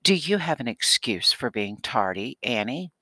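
A man's voice: mid-range voice, very animated, normal speed, pushed and bright, no echo. A man reading a stern schoolteacher. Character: stern, formal woman schoolteacher. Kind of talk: audiobook character reading.

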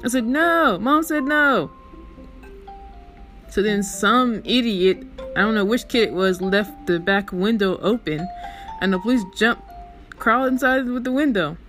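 A woman's voice: medium pitch, normal speed, faint music behind. A woman hosting her own show, telling a personal story in a casual, rambling way. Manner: chatty, rambling, animated in recounting. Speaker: storyteller host.

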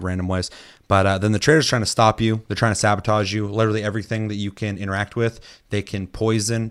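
A man's voice: lowish voice, smooth. A man in casual chat, telling game stories with lots of swearing and acted-out quotes. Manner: animated storytelling, swears a lot, acts out quotes.

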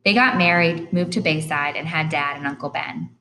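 A woman reads an audiobook in the first person, earnest and plain in her storytelling. Her voice sits a little low, with a faint hiss beneath the recording. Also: normal speed, sharp tone, rough recording. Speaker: audiobook narrator.

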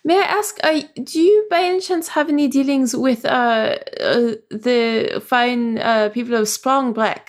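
A woman's voice: a little high, measured pace, hardly any pauses, close to an everyday voice. A woman playing a polite, refined female adventurer in a tabletop game, asking things hesitantly. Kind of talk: tabletop game role-play.

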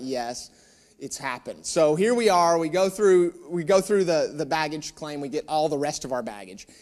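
High-voiced man telling a sermon story. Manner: animated storyteller, acts out dialogue; joking, addresses audience with questions. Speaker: preacher.

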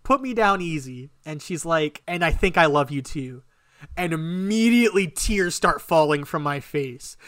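Excitable young man telling a love story. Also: on the high side, normal speed, no echo, clean studio sound. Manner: animated, swearing, emotional retelling. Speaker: podcast co-host. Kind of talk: casual storytelling.

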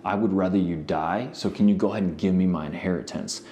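A man's voice: low-pitched, fast, dark tone, echoey room, slight background noise, pitched below the performer's own voice, close to an everyday voice. A preacher voicing a selfish younger son who speaks bluntly and callously to his father.

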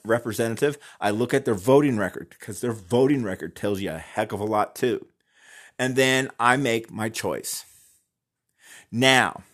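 A man's voice: mid-range voice, a bit bright. Earnest man talking straight to listeners. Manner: earnest, emphatic, addresses listener directly, slows to stress key words. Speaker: Christian commentator on voting. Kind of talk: direct-to-camera opinion talk.

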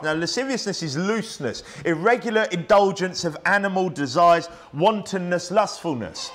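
Emphatic male preacher, higher voice. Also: expressive, normal speed, hardly any pauses, a bit bright. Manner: conversational and emphatic, with many rhetorical questions. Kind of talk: sermon.

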